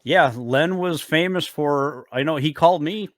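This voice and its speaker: A man's voice: a little high, unhurried, a bit bright, dry recording. Middle-aged male co-host, salty and wisecracking, dry close recording. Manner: blunt, joking, profane. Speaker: podcast co-host. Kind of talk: casual chat.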